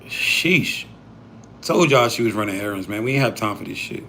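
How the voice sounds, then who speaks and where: A man's voice: fairly low pitch, expressive, moderate pace, pushed and bright, a little hiss or hum. A man hosting a livestream, talking casually and profanely to his chat in heavy slang. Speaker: livestream host.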